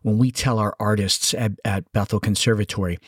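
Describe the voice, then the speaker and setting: A middle-aged man co-hosting a podcast, telling animated stories with lots of self-interruptions. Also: lowish voice, brisk, husky, dry recording, clean studio sound. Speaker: podcast co-host. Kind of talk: casual conversational storytelling.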